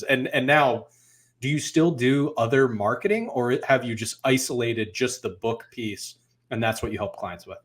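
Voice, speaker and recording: A man's voice: mid-range voice, normal speed. A man hosting a podcast who chats casually, sums up his guest's story and asks follow-up questions. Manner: conversational, restarts while framing questions. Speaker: podcast host. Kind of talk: casual interview.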